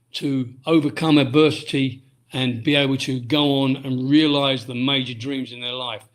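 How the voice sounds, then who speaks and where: A middle-aged British man, an author and ski instructor, talks casually in an interview with a mid-range, fairly bright voice. He rambles, restarting his sentences often and filling gaps with "um"s.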